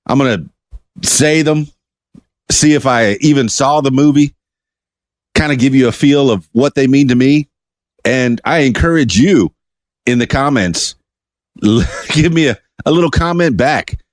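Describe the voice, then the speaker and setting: A man hosting his own podcast alone, talking in a chatty, jokey, animated way. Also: medium pitch, no echo. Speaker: podcast host. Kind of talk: solo podcast monologue.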